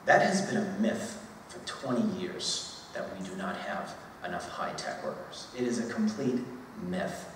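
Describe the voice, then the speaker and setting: A man's voice: fairly low pitch, expressive, measured pace, background noise. A man in his forties giving an emphatic, conversational public speech at a university, repeating words for stress. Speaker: speaker at a university talk. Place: university lecture hall. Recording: echoey hall, voice from far off.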